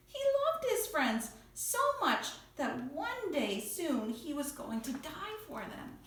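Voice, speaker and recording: A woman teaching children in church, telling a Bible story in a playful, expressive way, heard in an echoey room from some distance. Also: high-pitched.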